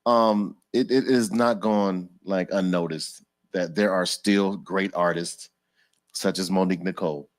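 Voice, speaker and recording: Male podcast host from LA, very low voice, animated and emphatic. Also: a little slow. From Los Angeles. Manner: animated, emphatic, hypes the guest. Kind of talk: casual interview chat. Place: home studio on a video stream.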